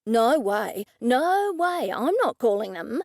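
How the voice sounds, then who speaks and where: A man's voice: very high-pitched, very animated, slow pace, gravelly, no room sound, studio quality, heavily acted. A woman narrating an audiobook, voicing a reluctant, blunt man who grumbles but goes along. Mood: grudging. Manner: grudging, blunt. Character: reluctant young Australian bloke, grumbling but game.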